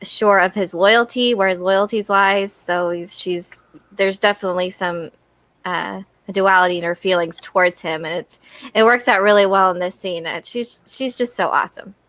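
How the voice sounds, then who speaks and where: Female podcast panelist, mid pitch, dry close sound, eager and chatty. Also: fairly even intonation, normal speed, fairly bright tone, dry recording. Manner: enthusiastic, filled with "like" and light laughter. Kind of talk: casual chat.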